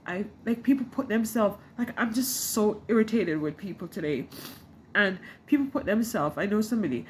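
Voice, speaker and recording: A woman's voice: mid-range voice, a little mellow. Middle-aged woman from the caribbean ranting to camera, keeps restarting, bit of hiss behind. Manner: rambling, frustrated, with many restarts. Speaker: vlogger. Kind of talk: casual talk to camera. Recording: faint background noise.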